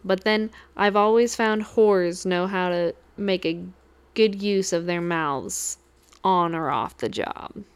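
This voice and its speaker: A woman reading an audiobook, voicing an arrogant male vampire who croons slowly and mocks. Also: fairly low pitch, clear, resonant tone. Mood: mocking. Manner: crooning, slow and mocking.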